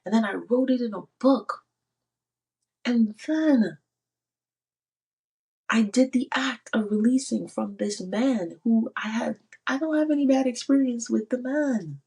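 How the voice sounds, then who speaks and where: A woman's voice: fairly high pitch, unhurried, long pauses, dark tone, husky. A middle-aged woman giving a personal faith testimony, emphatic and repeating her phrases. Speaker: faith speaker.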